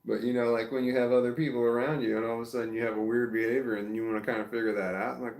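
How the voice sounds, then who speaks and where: A man's voice: mid-range voice, steady tone, fairly quick, gravelly. A man talking casually and self-reflectively to his camera, rambling, trailing off and restarting his sentences. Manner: soft baby-talk to his dog. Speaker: vlogger. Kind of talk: casual personal vlog. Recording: roomy echo.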